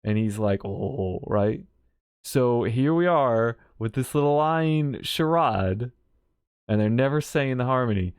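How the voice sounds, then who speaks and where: A man giving casual, rambling commentary on a game's story, talking quickly and restarting his sentences. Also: medium pitch, expressive, darkish tone, clear, resonant tone, no echo, clean studio sound. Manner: rambling, quick, with many restarts and self-corrections. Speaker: streamer.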